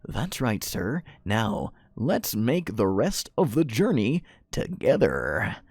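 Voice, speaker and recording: A man's voice: on the high side, big pitch swings, moderate pace. A man voicing a sinister, overly polite bookseller entity that speaks formally and menacingly.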